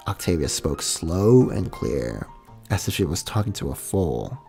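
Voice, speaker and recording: A man's voice: low-pitched, big pitch swings, normal speed, vocal fry, dark tone, faint music behind. A man streaming a reading of fan fiction, casual, laughing at his own mix-ups and swearing now and then.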